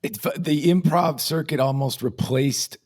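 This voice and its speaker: A man co-hosting a podcast, chiming in with quick, joking interjections in casual chat. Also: a little high, darkish tone. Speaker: podcast co-host.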